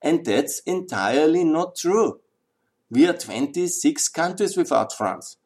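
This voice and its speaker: A man's voice: a little high, lively intonation, unhurried, darkish tone, husky. Emphatic man. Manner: emphatic, repeats points for weight. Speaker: political commentator. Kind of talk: opinion monologue.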